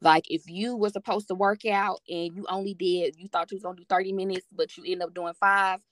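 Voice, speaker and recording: A woman's voice: medium pitch, fairly even intonation, brisk, no echo. A woman talking as a podcast guest in a casual, heartfelt chat, earnest and encouraging, repeating phrases for emphasis.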